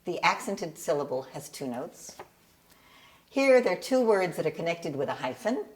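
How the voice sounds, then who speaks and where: A woman explains how she teaches cantillation to bar and bat mitzvah students. Her voice sits a little low, and she talks in a patient, measured way, breaking now and then into short sung examples. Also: very animated.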